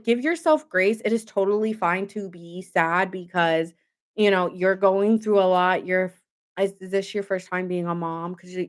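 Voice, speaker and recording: A young adult woman giving a casual tarot reading to camera, talking emphatically with lots of filler words and open indignation. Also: lowish voice. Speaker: tarot reader.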